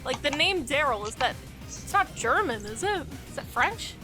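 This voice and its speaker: A high-pitched woman hosts a casual fan podcast and talks in an animated way. She often breaks into laughter. Music plays clearly behind her voice. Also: normal speed. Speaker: podcast host.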